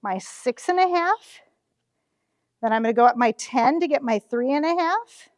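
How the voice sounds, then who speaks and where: A woman's voice: high-pitched, animated, normal speed, no echo, studio quality, big-room sound. A woman, demonstrating a quilting ruler at her shop in a friendly, chatty way with frequent fillers. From Nebraska, US. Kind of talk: casual how-to demonstration. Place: quilt shop cutting table.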